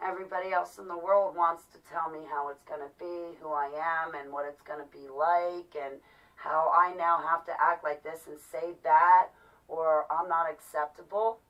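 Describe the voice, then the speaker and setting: Impassioned low-voiced woman, distant and dull. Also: fairly even intonation, moderate pace. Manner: impassioned and emphatic. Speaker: vlogger. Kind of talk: personal monologue. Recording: distant mic, dull lo-fi sound.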